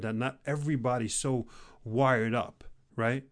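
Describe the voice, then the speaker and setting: A man in mid pitch delivers a fired-up pep talk. He pushes hard on key words and repeats them, then drops to a low, intense near-murmur before building up again. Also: normal speed. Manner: intense, emphatic, repeats lines for emphasis; swings between loud exhortation and low, quiet intensity. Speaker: career motivational speaker.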